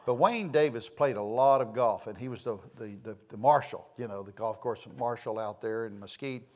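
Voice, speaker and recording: A man's voice: medium pitch, normal speed. A man preaching a sermon, a folksy, rambling storyteller who repeats phrases for emphasis. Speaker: pastor.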